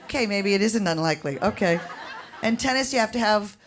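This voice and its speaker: A woman hosting a live stage interview, chatty and animated with quick asides. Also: mid-range voice. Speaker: host. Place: live venue with audience. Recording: live show with crowd and noise.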